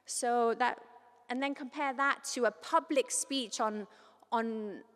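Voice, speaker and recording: A woman from Cyprus giving an academic conference talk, lively and informal, with quick asides and quoted voices. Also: on the high side. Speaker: conference speaker. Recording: long reverb of a large hall.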